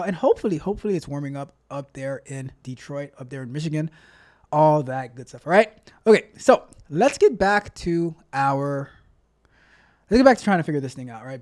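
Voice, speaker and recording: The tech coach's voice is fairly high and a little mellow. He hosts a casual livestream about tech, bantering playfully with viewers, repeating himself frequently, and offering motivation.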